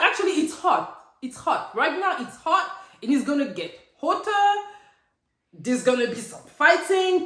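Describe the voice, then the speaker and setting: A woman casually recapping a reality TV episode, animated and slangy, laughing often. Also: high voice, reverberant. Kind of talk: casual chat.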